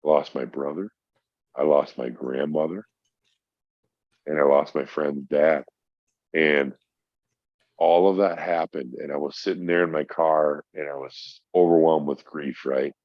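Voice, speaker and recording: A middle-aged man with an extremely deep voice tells a heartfelt story as a podcast guest, cursing freely. The recording is dry and slightly dull, like lo-fi audio. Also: fairly even intonation, measured pace, long pauses, no room sound. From Minnesota. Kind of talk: casual chat.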